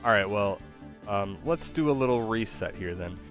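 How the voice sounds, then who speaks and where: A man's voice: lowish voice, lively intonation, moderate pace, a bit bright, faint music behind. A man hosting a casual stream, talking hesitantly with many fillers and restarts. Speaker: streamer host. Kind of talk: casual chat.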